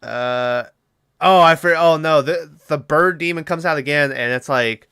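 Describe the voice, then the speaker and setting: A young man on a podcast, recapping a film in a loose, rambling way and swearing freely. His voice is bright and forceful, with a smooth, crisp tone. The sound is dry and close, with no room around it. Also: fairly high pitch, measured pace, no echo. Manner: rambling, swears often, lots of fillers. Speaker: podcast co-host. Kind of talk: casual movie recap chat.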